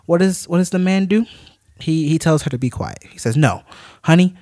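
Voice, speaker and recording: A man co-hosting a podcast, telling a story in an animated, mock-angry rant. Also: sits high, a little fast, no room sound, studio quality. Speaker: podcast co-host. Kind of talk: casual podcast chat, storytelling.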